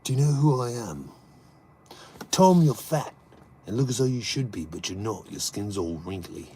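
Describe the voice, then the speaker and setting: A man's voice: on the low side, expressive, normal speed, mellow, a little hiss or hum, voice pushed down. A man putting on a menacing gangster voice as an impression of a film tough guy. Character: gruff tough-guy London gangster, male, middle-aged, menacing.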